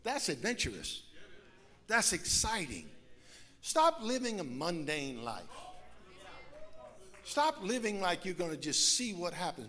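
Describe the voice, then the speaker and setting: A man with a drawl preaches to his congregation in a church. His voice sits high and swings widely, rising from quiet musing to fervent, shouted appeals. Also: very animated, slow. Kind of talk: sermon. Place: church sanctuary.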